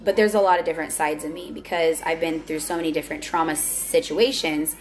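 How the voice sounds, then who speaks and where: A woman's voice: sits low, steady tone, brisk, a little hiss or hum. Earnest woman vlogging confessionally. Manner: earnest and confessional, with frequent restarts and fillers. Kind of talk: candid personal vlog talk.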